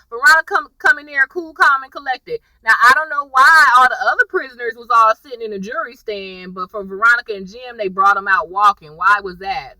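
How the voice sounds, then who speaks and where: A woman's voice: medium pitch, fairly quick, hardly any pauses, bright, forceful tone, no room sound, poor audio. A woman, casually recapping a TV episode for viewers, chatty and sassy, calling them y'all.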